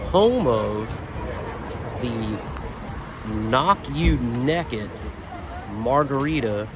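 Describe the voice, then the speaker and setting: A man's voice: medium pitch, lively intonation, extremely slow, music in the background. Easygoing man vlogging a road trip. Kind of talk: travel vlog narration. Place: outdoors at a car show and on the road.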